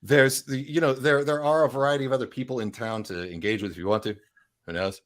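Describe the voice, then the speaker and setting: A man's voice: medium pitch, steady tone, quick pace, a bit bright. A man narrating as game master, rambling with many fillers and asides. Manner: rambling, lots of fillers and "right?".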